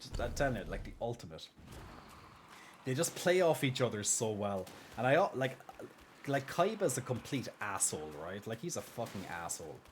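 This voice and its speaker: A man live-streaming a game, chatting casually and rambling excitedly with lots of fillers and laughter. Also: mid-range voice, normal speed, slight background noise. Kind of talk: casual live-stream chat while gaming.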